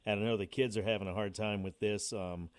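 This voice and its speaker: A low-pitched male radio host speaks into a close studio microphone with a dry sound. He moves briskly between questions for his caller and station announcements. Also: fairly even intonation, smooth, dry recording. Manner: brisk broadcast delivery, station breaks. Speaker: radio talk show host. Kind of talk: live talk radio interview.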